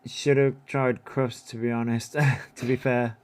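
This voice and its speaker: A man's voice: medium pitch, flat delivery, a little slow, a little mellow, clean tone. A man hosting a livestream in casual commentary, reading down a numbered list and adding offhand remarks. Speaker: livestream host.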